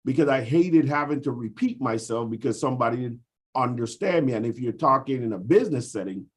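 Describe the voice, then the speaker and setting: Husky man from the Virgin Islands. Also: mid-range voice, animated, fairly quick. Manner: reflective, explains at length with frequent fillers. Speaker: discussion group member. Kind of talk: casual group discussion. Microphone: video call.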